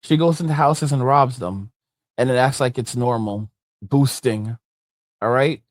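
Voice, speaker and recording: A man's voice: medium pitch, a little slow, dry recording. Emphatic man ranting in a dry room. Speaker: commentary host. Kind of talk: reaction commentary with a promo.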